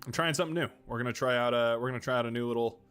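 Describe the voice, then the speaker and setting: A man's voice: medium pitch, very fast, fairly bright tone, clean tone, soft background music. A man streaming a strategy game, chatting casually and rambling into joking asides while he plays. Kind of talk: casual gameplay commentary.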